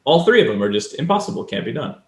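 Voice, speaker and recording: A man's voice: mid-range voice, very animated, rapid-fire, echoey room. A man co-hosting a casual podcast, explaining things at length and acting out example lines. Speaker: podcast co-host. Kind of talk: casual chat.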